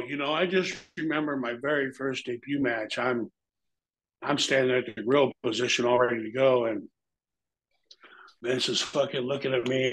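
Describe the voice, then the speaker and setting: A man's voice: mid-range voice, husky, low-quality recording. Blunt, profane man telling war stories. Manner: profane, blunt, animated when quoting others. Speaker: retired pro wrestler guest. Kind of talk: candid storytelling interview.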